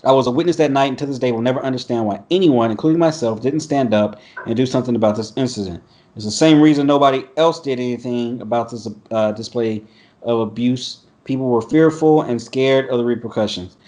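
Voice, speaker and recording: A brisk, medium-pitched man with a darkish tone hosts a casual podcast over a video call. He reads an article aloud and reacts bluntly, swearing freely and laughing often.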